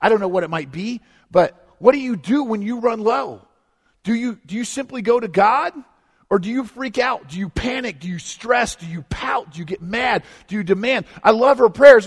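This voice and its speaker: A man, preaching a sermon as pastor, animated and conversational, mixing humor with rhetorical questions to the congregation. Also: very high voice, normal speed, slightly rough, big-room sound. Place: church sanctuary.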